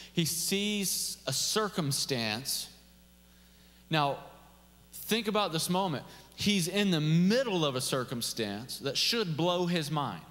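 A man's voice: fairly high pitch, a bit bright. A male pastor giving a conversational, jokey sermon full of rhetorical questions, in a church. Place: church sanctuary. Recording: long church reverb.

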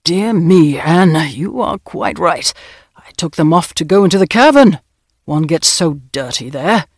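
A woman reading an audiobook, voicing an absent-minded, pedantic elderly male scholar who lectures and gently reproaches. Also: sits low, lively intonation, a little slow, breathy edge, dry recording, studio quality, full character voice. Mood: mild. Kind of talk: audiobook character voice.

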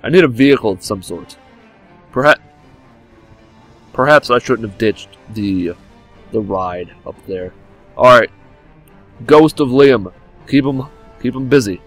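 Playing a game at home near his console, this young commentator swings from mock drama to sudden yelps and jokes, now and then leaning away from the desk microphone. He speaks at a medium pitch, expressively and at a measured pace, pausing often over soft background music.

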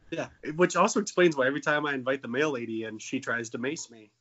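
A man's voice: normal speed, a bit bright, muffled recording. A man in his twenties co-hosting a casual comedy podcast, joking and swearing and slipping into silly voices. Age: 20s. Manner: jokey, profane, bursts into silly high voices. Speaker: podcast co-host.

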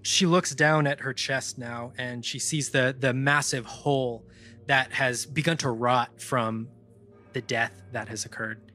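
A man narrating a tabletop game as game master, describing scenes in a measured way with fillers. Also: mid-range voice, steady tone, sharp tone.

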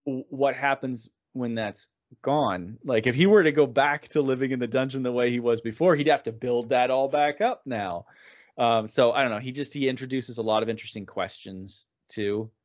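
A man's voice: medium pitch, moderate pace, no echo. A man talks casually on a podcast, musing aloud with hedges and filler words. His voice is close and dry, with a slightly dull, lo-fi sound. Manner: thoughtful, hedging, many fillers. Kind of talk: casual chat.

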